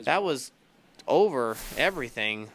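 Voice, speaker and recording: A young man giving excited play-by-play commentary on his own gameplay, shouting on big hits. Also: mid-range voice, a little slow. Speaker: gaming YouTuber.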